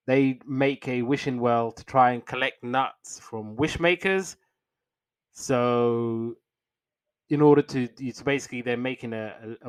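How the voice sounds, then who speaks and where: Young guy podcast host, slow rambling cartoon recap, dry close sound. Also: mid-range voice, a bit bright, smooth, dry recording. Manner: rambling, with fillers and restarts. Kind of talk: casual retelling of episodes.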